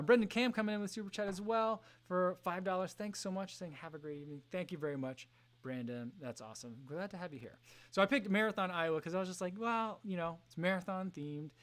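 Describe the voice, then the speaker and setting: A man in his thirties hosting a casual livestream, reading chat messages aloud with frequent ums and soft laughs. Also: a little high. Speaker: livestream host.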